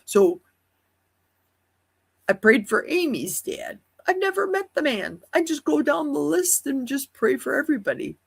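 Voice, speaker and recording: A woman hosting a casual livestream chat, with a high, youthful-sounding voice, rambling and asking many rhetorical questions. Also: big pitch swings, a little slow, gravelly. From Wisconsin. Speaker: livestream host. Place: at home in a forest.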